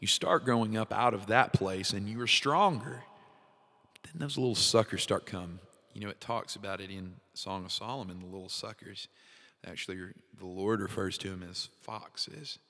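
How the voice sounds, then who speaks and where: Heartfelt low-voiced man in echo. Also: moderate pace. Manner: casual, heartfelt, expressive, laughs often. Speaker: podcast host, worship leader. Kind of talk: devotional teaching talk.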